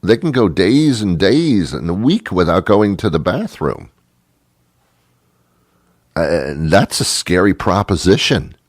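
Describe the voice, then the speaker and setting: A man's voice: extremely low pitch, dry recording, studio quality. A middle-aged man hosting a talk show, delivering a sardonic comedic monologue and then interviewing a guest. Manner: sardonic, acts out both sides of imagined dialogues.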